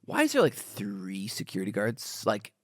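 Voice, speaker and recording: Animated young man riffing on comics. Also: on the low side, normal speed, dry recording, clean studio sound. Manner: animated, questioning, riffing with jokes. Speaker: podcast co-host. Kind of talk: casual comic book discussion.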